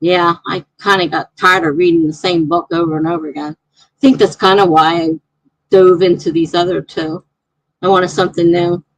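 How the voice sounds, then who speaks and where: A woman's voice: lowish voice, fairly even intonation, normal speed, no echo, low-quality recording. A woman hosting a live stream, chatting casually and reading out viewer comments in a rambling way.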